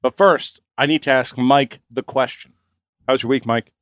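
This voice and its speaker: A man's voice: mid-range voice, fairly even intonation, normal speed, dry recording, studio quality. A man hosting a comedy podcast, joking and leading the casual banter. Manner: joking, leads the conversation. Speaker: podcast host.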